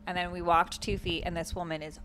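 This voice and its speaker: A woman hosting a podcast, telling animated stories in casual chat and swearing freely. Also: fairly low pitch, brisk, a little hiss or hum. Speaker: podcast host.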